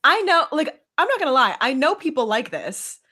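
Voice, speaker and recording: A woman's voice: high-pitched, very animated, moderate pace, bright, forceful tone. A woman co-hosting a reality TV podcast in casual chat, laughing often and saying "like" a lot. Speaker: podcast co-host.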